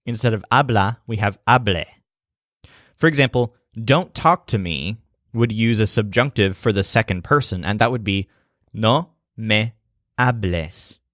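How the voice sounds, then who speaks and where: A man's voice: fairly low pitch, normal speed, a bit bright, no room sound. Man narrating a language lesson, dry sound. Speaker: language teacher.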